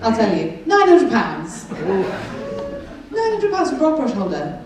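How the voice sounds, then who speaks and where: A woman's voice: fairly high pitch, huge pitch swings, unhurried. A woman performing a chatty, cheeky stand-up set and teasing the crowd, recorded live in a concert hall. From Wales. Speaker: stand-up comedian. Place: concert hall with a laughing audience. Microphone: venue recording taken from the audience. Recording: distant echoey hall audience recording.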